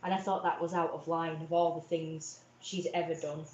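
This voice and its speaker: A woman's voice: deep voice, little pitch movement, moderate pace, darkish tone, roomy sound, lo-fi sound, slight background noise. A young woman hosting a livestream, retelling a family conflict in a rambling, upset way with many restarts. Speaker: livestream host. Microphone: webcam or phone on a livestream.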